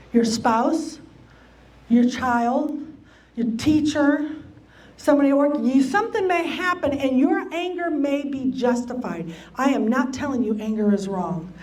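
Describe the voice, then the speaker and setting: A woman's voice: high voice, lively intonation, unhurried, a little mellow. A woman teaching a church lesson on relationships, emphatic, repeating key phrases and acting out what people might say. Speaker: church Bible study teacher. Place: church meeting room.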